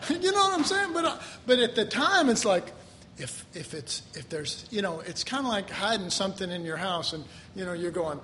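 A man preaching a sermon, animated, acting out quoted voices with sudden exclamations and chuckling often as he talks. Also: sits high, normal speed, a little hiss or hum. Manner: chuckles often while talking.

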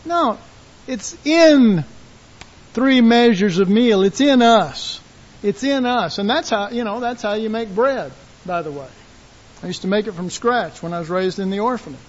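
High-voiced folksy preacher, lo-fi sound. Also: male voice, measured pace. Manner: folksy and animated, acting out quotes, shouting call-and-response. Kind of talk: sermon.

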